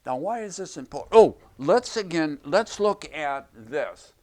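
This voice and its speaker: A man's voice: fairly high pitch, lively intonation, a little slow, a little mellow. A man teaching in an explanatory video lecture, speaking emphatically and repeating his key phrases. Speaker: self-help teacher.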